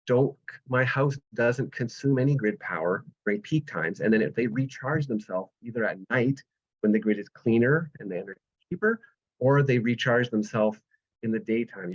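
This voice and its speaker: A man, explaining solar power step by step with patient analogies in a webinar over a video call. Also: mid-range voice. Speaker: solar energy presenter. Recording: dull lo-fi webinar audio.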